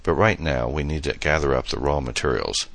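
A man's voice: a bass voice, brisk, creaky, fairly bright tone, dry recording, heavily acted. A man playing a playful, boastful young man who jokes with his date, in a storybook reading. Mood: joking. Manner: playful, mock-grand.

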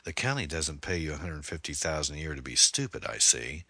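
A man's voice: a bass voice, big pitch swings, a little fast, vocal fry, sharp tone, breathy edge, dry recording, heavily acted. A man doing a cold, menacing stalker. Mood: cold menace. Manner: cold, commanding, mocking menace. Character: menacing, controlling male stalker-killer.

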